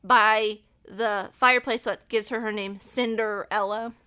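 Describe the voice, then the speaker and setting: A woman's voice: mid-range voice, fairly even intonation, measured pace, sharp tone, smooth. A woman with a Midwestern American accent hosting a podcast, upbeat and laughing often. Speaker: podcast host. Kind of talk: casual podcast chat.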